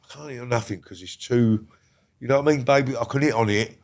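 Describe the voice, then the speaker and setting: A man's voice: medium pitch, fast, a little mellow. Older man, blunt and sweary. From England. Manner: blunt, heavy swearing, rambling restarts. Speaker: podcast guest. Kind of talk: casual interview talk.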